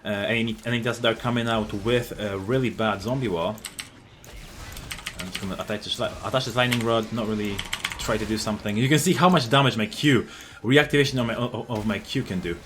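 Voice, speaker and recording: A man giving live commentary over his own gameplay, explaining his moves, getting excited and swearing at enemies, with frequent fillers and restarts. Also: fairly low pitch, fairly quick, slight background noise.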